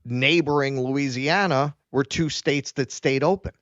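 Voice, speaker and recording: A man's voice: mid-range voice, unhurried, a bit bright, no echo. A man co-hosting a casual political commentary stream, talking in an earnest, pointed way. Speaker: co-host. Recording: dry, dull lo-fi sound.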